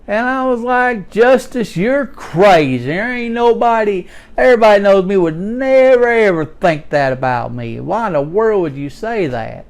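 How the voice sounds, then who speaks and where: A man's voice: sits high, animated, a little slow, hardly any pauses. A man, playing a folksy redneck working man in a rambling comedic monologue, stammering as he tells his story.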